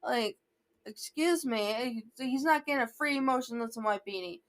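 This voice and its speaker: Young woman vlogger with a high voice, chatty storytime delivery that keeps wandering off track. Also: fast talker, a bit bright. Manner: rambling, sidetracked, self-interrupting. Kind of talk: rambling storytime vlog.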